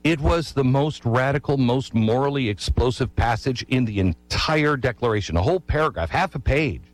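A man's voice: medium pitch, lively intonation, moderate pace, rough recording. A man telling a history story with emphatic delivery, asking the listener rhetorical questions. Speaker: history speaker.

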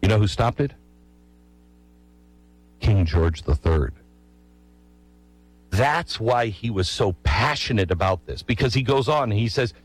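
Lively, emphatic man telling history. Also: lowish voice, measured pace, long pauses, breathy edge, faint music behind, low-quality recording. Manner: emphatic, rhetorical questions to the listener. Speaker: history speaker. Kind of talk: storytelling history talk.

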